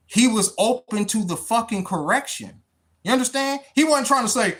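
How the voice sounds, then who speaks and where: A man's voice: very high-pitched, expressive, moderate pace, fairly bright tone. Emphatic swearing man on a livestream. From United States. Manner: emphatic, swears constantly, repeats words. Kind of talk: unscripted livestream monologue.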